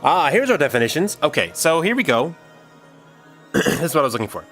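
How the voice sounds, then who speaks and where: Animated man rambling on a livestream. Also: a little high, brisk, faint music behind. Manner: rambling, thinks aloud, talks to chat. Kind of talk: casual livestream chat while coding.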